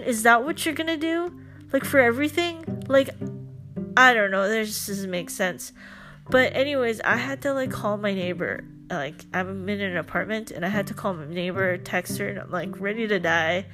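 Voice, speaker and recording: A woman's voice: on the high side, moderate pace, fairly bright tone, faint music behind. Chatty young woman podcaster telling a story. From Filipino family, lives in Canada. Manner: chatty, lots of "like" fillers, joking asides. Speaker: podcast host. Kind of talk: casual storytelling monologue.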